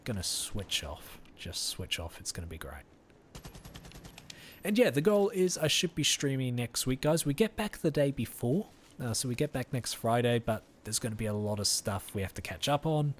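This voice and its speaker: This Australian streamer sounds tired but friendly as he chats loosely with viewers during a game. His medium-pitched voice is animated and a bit quick, barely pausing, over faint hiss or hum.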